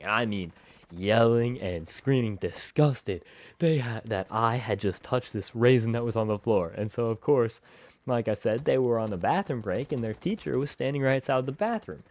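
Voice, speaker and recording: A man telling a story from his school days in an animated, expressive vlog. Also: on the low side, normal speed, dry recording. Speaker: vlogger.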